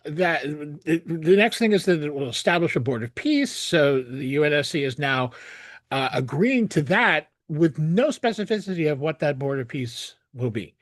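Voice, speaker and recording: Male analysis host, emphatic and scornful, restarts often, lively delivery, dead-dry room. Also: on the high side, normal speed, no room sound. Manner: indignant, sarcastic, emphatic with frequent restarts. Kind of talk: solo commentary reading and critiquing a document.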